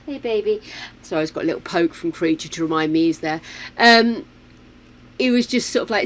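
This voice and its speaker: A woman's voice: fairly low pitch, brisk, pauses often. A woman, chatting casually while streaming a game at home, playful and full of exclamations. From United Kingdom. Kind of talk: casual gameplay chat. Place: home room with a fan running.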